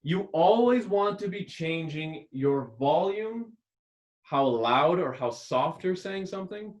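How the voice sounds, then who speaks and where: A man lecturing as a public speaking instructor who keeps shifting his volume and tone to sound expressive. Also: sits high, slow. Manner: expressive, constantly varying volume and tone. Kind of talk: recorded lecture. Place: rented room used as a classroom. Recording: echoey room.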